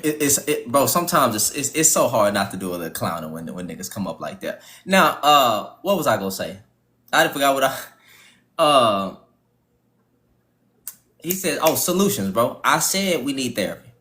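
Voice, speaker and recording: A man's voice: mid-range voice, very animated, normal speed, sharp tone. A man hosting a live panel stream, ranting profanely with restarts, stutters and laughter. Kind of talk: casual live-stream talk.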